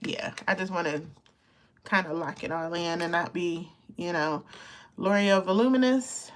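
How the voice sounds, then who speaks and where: A woman around fifty hosts a casual live makeup chat. She talks warmly to her viewers, laughs often and gets emotional as she applies her makeup. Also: fairly low pitch, measured pace. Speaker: beauty livestream host.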